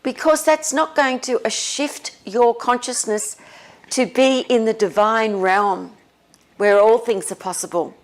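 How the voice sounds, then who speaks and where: Slow-speaking woman guiding a meditation. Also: a little high. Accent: non-American English. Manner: slow, relaxed, with frequent laughs. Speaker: spiritual teacher leading a meditation. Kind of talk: casual talk and guided meditation.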